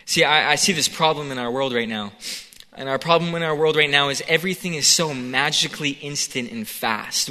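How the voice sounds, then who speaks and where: A man's voice: a little high, bright, forceful tone, big-room sound. A man preaching a sermon in a conversational way, acting out the scene with quoted voices.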